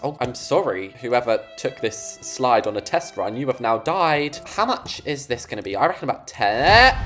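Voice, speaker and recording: A woman giving a chatty, jokey commentary while building in a game, talking to her viewers from her desk at home. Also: a bass voice. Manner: chatty, jokey, self-mocking asides to viewers. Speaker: gaming video creator. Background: background music.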